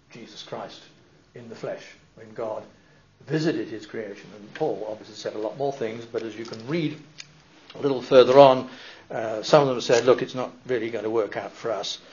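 A man's voice: mid-range voice, normal speed, a little hiss or hum. A man preaching a sermon, reading and explaining scripture in a conversational way, with asides. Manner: animated and conversational, with asides and restarts. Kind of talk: sermon, Bible teaching. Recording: dull lo-fi recording.

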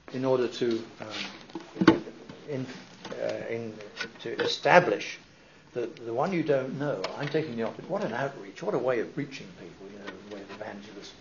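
A man's voice: mid-range voice, noisy background. A man preaching a sermon, reading and explaining scripture in a conversational way, with asides. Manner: animated and conversational, with asides and restarts. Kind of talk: sermon, Bible teaching. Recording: dull lo-fi recording.

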